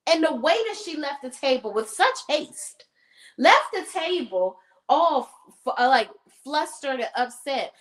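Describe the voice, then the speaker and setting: A woman with a slightly high voice that swings widely in pitch, recapping a TV episode for a streamed talk show. She talks casually and swears freely, throwing herself into acting out the characters' lines as she goes. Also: rough recording. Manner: animated storytelling, acts out characters' lines. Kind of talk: casual chat with profanity. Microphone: remote stream setup.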